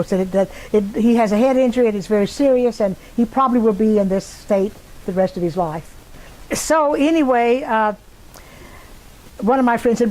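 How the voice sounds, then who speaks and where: An older woman telling a personal story in an interview, pausing often with fillers and restarts. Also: fairly high pitch, dark tone, rough recording. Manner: halting, many fillers and restarts. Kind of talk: casual spoken recollection.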